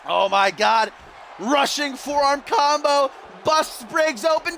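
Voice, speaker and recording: A man giving excited, shouty play-by-play commentary on a wrestling video game, swearing and getting out of breath. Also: very high voice, unhurried, a little hiss or hum. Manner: shouty, swearing, animated, mock wrestling-announcer delivery.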